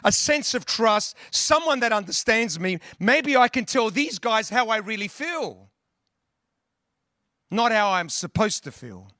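A man's voice: high voice, very animated, a little slow, pushed and bright, no room sound. Man, preacher, sermon, earnest, conversational, dry close sound. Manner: earnest, conversational, with long lists and restarts.

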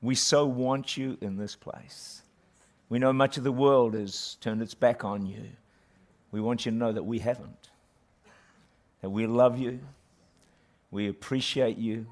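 A guest pastor speaking at a church service, opening with a self-deprecating joke and then praying earnestly. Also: male voice, medium pitch. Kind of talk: sermon opening and prayer.

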